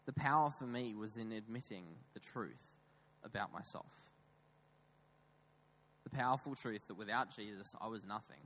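Man, preacher, sermon, church, emphatic, quiet low asides, lowish voice. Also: moderate pace, long pauses, poor audio. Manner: emphatic, swinging between raised stresses and quiet, low asides. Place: church with screens.

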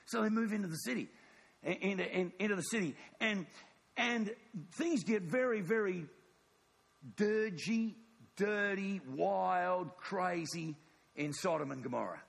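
A man preaching a sermon, telling a story with animated acted-out dialogue. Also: sits high, measured pace, creaky, breathy edge.

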